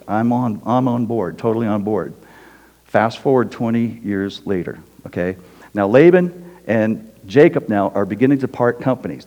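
A male preacher walks his congregation through a scripture passage in a relaxed, conversational way, frequently ending lines with "okay?". His mid-range voice is dark and mellow, with the long reverb of a large hall.

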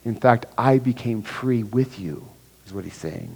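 A man's voice: mid-range voice, expressive, unhurried, gravelly, darkish tone, husky. Guy preaching a sermon in a church, voice ringing off a big hall, acts out the quotes. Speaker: pastor. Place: church sanctuary. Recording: long hall reverb.

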